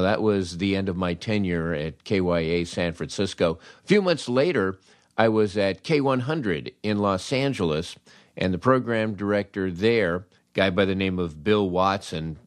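Older man, very low voice, sardonic storyteller, dead-dry close recording. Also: no room sound. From United States. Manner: wry, sardonic, acts out quoted voices. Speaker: podcast host telling radio career stories. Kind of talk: casual storytelling monologue.

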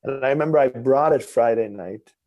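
A man's voice: medium pitch, fairly quick, no echo, muffled recording. Candid man telling a story, dry sound. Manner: vivid storyteller who acts out other people's words; candid and self-mocking. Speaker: podcast guest. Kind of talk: casual conversational storytelling.

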